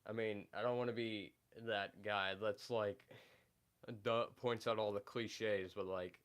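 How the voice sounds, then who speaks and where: An unhurried man with a fairly low, smooth and fairly bright voice and fairly even intonation hosts a casual live stream. He reads chat while recovering from being sick, rambling and hesitant with plenty of fillers.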